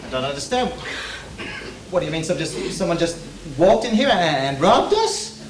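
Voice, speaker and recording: An actor playing an incredulous, blustering husband who swears about a burglary, on a live stage. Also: male voice, high voice, sing-song, moderate pace, very noisy. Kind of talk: live amateur stage comedy. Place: theatre stage. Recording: distant echoey stage, audience laughter.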